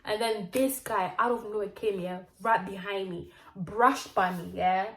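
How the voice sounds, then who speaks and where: A young woman from Zimbabwe, telling a story on her vlog in a lively, slangy way. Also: mid-range voice, measured pace. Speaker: vlogger. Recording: roomy echo.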